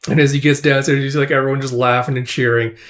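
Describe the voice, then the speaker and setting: A man's voice: medium pitch, flat delivery, quick pace, a bit bright. Rambling casual male comics recapper. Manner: rambling, says "it's like" and "you see" often. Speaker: manga recap host.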